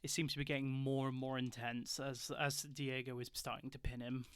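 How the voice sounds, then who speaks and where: Casual GM, mid-pitched, chatty with laughs, dry close call mic. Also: flat delivery, normal speed, clear, resonant tone, no echo. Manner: laughs often, loose narration. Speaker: game master. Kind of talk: narrating a tabletop game.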